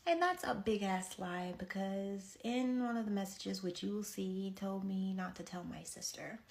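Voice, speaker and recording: A woman telling a personal story in a blunt, candid way, halting often with fillers. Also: medium pitch, vocal fry, a little mellow. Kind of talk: casual storytime.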